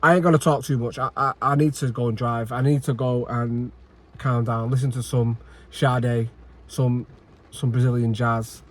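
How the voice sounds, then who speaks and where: A man's voice: mid-range voice, fairly even intonation, normal speed. A man giving an angry post-match reaction, frustrated and sweary, repeating himself and sighing. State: agitated. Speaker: football fan channel host.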